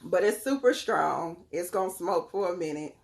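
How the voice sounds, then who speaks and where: Brief: young woman, deep voice with fry, relaxed chatty live-stream host talking to viewers through her phone. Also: normal speed, a little hiss or hum. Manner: chatty, talks straight to viewers by name. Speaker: live-stream host selling crystals and readings. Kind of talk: casual live-stream demonstration.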